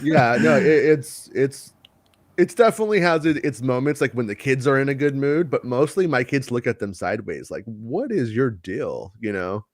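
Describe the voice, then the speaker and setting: A man's voice: mid-range voice, lively intonation, moderate pace, dry recording, clean studio sound. A man co-hosting a podcast, talking in a rambling, jokey way and often restarting his sentences. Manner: rambling, self-interrupting, jokey. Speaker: podcast co-host. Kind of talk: casual podcast banter.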